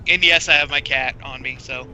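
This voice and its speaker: A man's voice: mid-range voice, steady tone, brisk, sharp tone, soft background music, poor audio. A man co-hosting a casual gaming stream, chatty and amused as he talks about comedy. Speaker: co-host. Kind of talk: casual gaming commentary chat.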